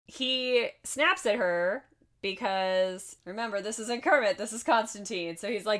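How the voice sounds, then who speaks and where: A chatty woman recapping a film with a co-host in a relaxed, laughing way. She talks casually, with plenty of asides and quick reactions, as if retelling the story to a friend. Her voice sits at an ordinary middle pitch. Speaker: podcast co-host.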